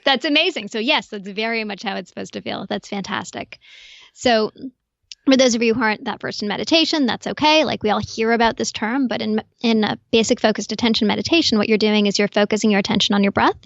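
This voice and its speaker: Woman, podcast guest, calm, instructive, clear, dry close sound. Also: a little high, fast, no echo, lo-fi sound. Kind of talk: explanatory interview talk.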